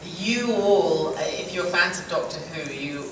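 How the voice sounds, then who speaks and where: A woman guest at a fan Q&A talks slowly and chattily, laughing and restarting her sentences. She is picked up from far off in a very echoey hall, with steady noise behind her. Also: on the low side. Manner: chatty, laughing, self-interrupting. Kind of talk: fan convention Q&A.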